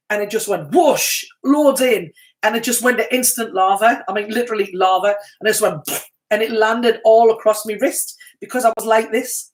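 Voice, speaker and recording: A middle-aged woman co-hosting a live stream, chatting casually and telling stories, often breaking into laughter. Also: medium pitch. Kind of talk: casual chat.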